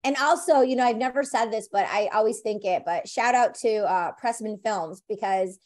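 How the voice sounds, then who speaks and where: A woman actor in an interview, chatting casually and telling lively stories full of "like" and "you know". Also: on the high side, moderate pace. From United States. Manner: animated storyteller, many fillers like "like" and "you know".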